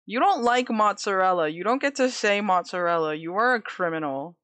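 A woman's voice: medium pitch, expressive, brisk, hardly any pauses, a bit bright, no echo. A woman streaming live, chatting casually with viewers in a giggly, dramatic way, laughing often.

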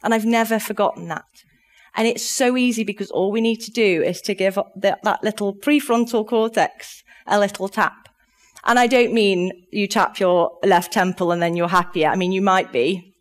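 An upbeat woman delivers a conference keynote. She speaks in a chatty, lively way and laughs readily. Her voice sits at an ordinary middle pitch, and she addresses a live audience in a conference room. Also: normal speed.

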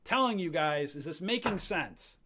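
A man teaching a live trading webinar in an energetic, ranting way, calling out to his viewers like a preacher. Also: fairly high pitch, moderate pace. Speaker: trading educator. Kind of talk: livestream webinar on stock charts.

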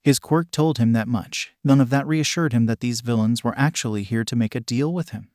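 A man narrating a fan fiction story in a steady storytelling manner. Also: mid-range voice, brisk, no echo, clean studio sound.

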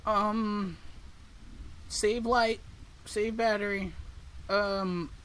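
A man's voice: high voice, steady tone, extremely slow, fairly bright tone, slight background noise, rough recording. A man commentating a horror game as he plays, nervous and jumpy, talking back to the characters on screen. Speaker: gaming YouTuber.

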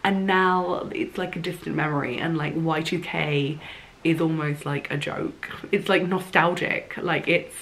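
A woman, chatting casually to camera at home while ill and a little hoarse. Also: sits low, steady tone, measured pace, fairly bright tone, slight background noise, poor audio. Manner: chatty, rambling, self-deprecating. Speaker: vlogger.

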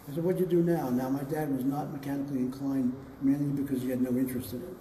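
Man, museum owner, relaxed rambling storyteller, very dark tone, echoey hall with long reverb. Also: medium pitch, rapid-fire, few pauses, a little hiss or hum. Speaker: museum owner giving a tour. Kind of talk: casual storytelling on a tour. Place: large museum gallery indoors.

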